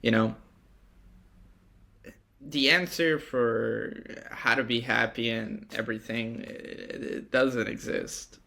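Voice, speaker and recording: A man's voice: mid-range voice, steady tone, takes it slowly, vocal fry, sharp tone. A young man hosting a podcast alone, talking casually in a rambling, profane and reflective way. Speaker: podcast host. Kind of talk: casual solo monologue.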